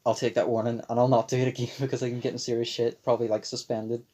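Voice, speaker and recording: A man's voice: medium pitch, level tone, quick pace, mellow. A young man in his late teens telling a crude childhood story on a podcast, rambling and swearing, his voice sometimes cracking. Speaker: podcast co-host. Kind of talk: casual storytelling chat.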